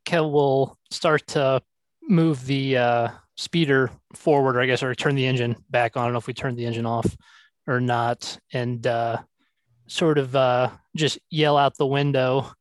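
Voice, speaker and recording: A man's voice: mid-range voice, steady tone, a little slow, dry recording. A man playing in a tabletop game, chatting casually and describing his character's actions. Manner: casual, slips into character lines. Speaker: player.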